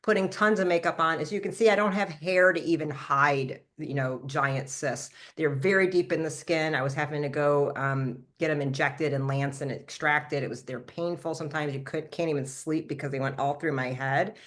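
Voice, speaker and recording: Animated woman in her fifties, slightly low voice. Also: moderate pace, hardly any pauses. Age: 50s. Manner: animated storytelling, acting out her own past lines in a higher voice. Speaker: product formulator and brand promoter. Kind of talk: testimonial talk to a live call.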